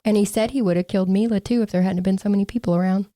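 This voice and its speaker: A woman's voice: medium pitch, steady tone, rapid-fire, mellow, dry recording, studio quality. A woman co-hosting a casual true-crime podcast, sarcastic and laughing as she mocks the people she talks about. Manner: sarcastic, laughing, mocking quotes. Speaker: podcast co-host.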